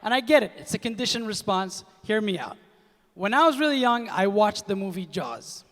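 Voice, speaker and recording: A young man from Kuwait performs stand-up comedy, animated and slipping into other people's voices as he tells his stories. His voice sits high, and the live show rings with long hall reverb. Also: normal speed. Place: comedy stage in a large hall with a live audience.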